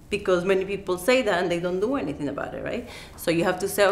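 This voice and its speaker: A woman's voice: mid-range voice, a little fast, hardly any pauses, fairly bright tone. A woman talking about fitness as a guest in a casual interview, friendly and agreeable, often saying "you know". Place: production studio room. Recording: roomy echo.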